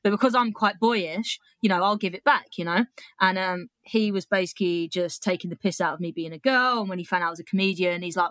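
A woman's voice: mid-range voice, fast, a bit bright, no room sound. Chatty British woman with a dry close sound. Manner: chatty, swears freely, laughs between lines. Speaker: comedian and poet. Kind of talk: casual storytelling, then poetry reading.

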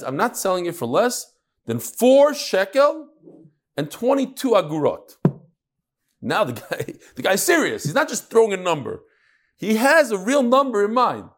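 A man teaching a Talmud class to a live audience into a microphone, joking and acting out the people in his stories. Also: high voice. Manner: animated, joking storyteller acting out quoted speakers. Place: lecture room with live audience.

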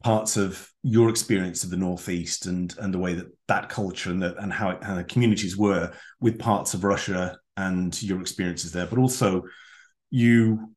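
A man hosting an interview, asking long questions in a halting way with repeated words. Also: sits low, steady tone, a little mellow. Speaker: podcast host.

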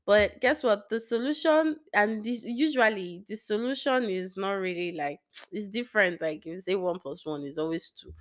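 A young woman addresses listeners informally on the subject of faith as a Christian speaker, her voice medium in pitch at a moderate pace. The talk meanders, with self-corrections, frequent laughs, and moments of near-whispering.

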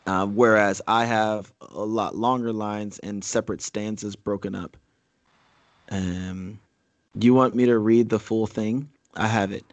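A man's voice: lowish voice, fairly even intonation, measured pace, dry recording. A man in casual conversation as a co-host, rambling with frequent fillers and restarts, and reading a speech aloud. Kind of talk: casual chat.

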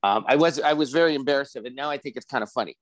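A man around sixty hosting a casual podcast chat, telling a long personal story in an animated way and acting out what other people said. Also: medium pitch, racing, no echo. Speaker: podcast host.

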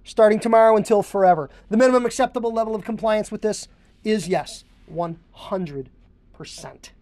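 A woman's voice: mid-range voice, moderate pace, mellow, no echo. A woman hosting a podcast, coaching haircutters and drilling phrases word for word with emphatic repetition. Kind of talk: instructional podcast monologue.

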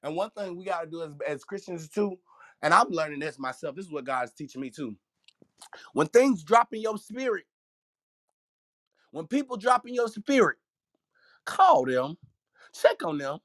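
A man preaching with excitement on a podcast. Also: sits high, moderate pace, pauses often, no room sound. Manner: animated, emphatic, laughs often. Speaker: podcast host. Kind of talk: casual morning chat with preaching.

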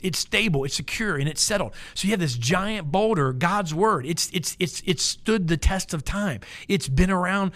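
A pastor delivering a sermon in a conversational, emphatic way, repeating words and joking in asides. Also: male voice, fairly high pitch, fairly bright tone.

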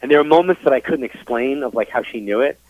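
A man's voice: medium pitch, fast talker, dry recording. Chatty New York man on a tinny line. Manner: chatty, frank, many fillers, acts out quoted dialogue. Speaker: psychic medium guest. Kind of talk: casual storytelling interview. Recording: dry tinny phone-like line.

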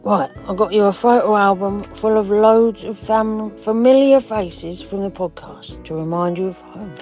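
A podcast regular recording a chatty, jokey message, excitable and playful as he talks. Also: high-pitched, moderate pace, few pauses, soft background music.

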